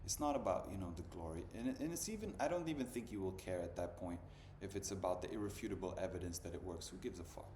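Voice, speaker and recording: A man in his thirties hosts a podcast, his voice sitting low with a darkish tone as he talks fast. The chat is casual and slangy, heavy on "bro" and "dude," and the echoey room carries faint ambient noise.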